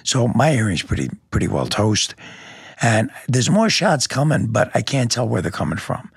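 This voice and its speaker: A man's voice: mid-range voice, very animated, moderate pace, vocal fry, breathy edge, no echo, studio quality. A police lieutenant telling his story step by step in a podcast interview, vivid and blunt, with sound effects and the odd curse.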